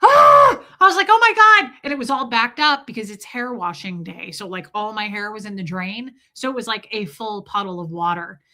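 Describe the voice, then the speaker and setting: A woman's voice: mid-range voice, fairly quick, few pauses, bright, forceful tone. A woman hosting a livestream, chatting casually and profanely as she tells jokey stories and reacts to chat. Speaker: livestream host reading chat.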